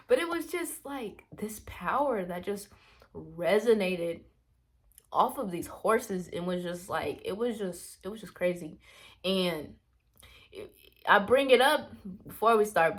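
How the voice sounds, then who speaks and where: A woman vlogger casually telling a rambling personal story, acting out her own reactions in hushed asides. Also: mid-range voice, measured pace. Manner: animated, rambling, quotes herself in hushed asides.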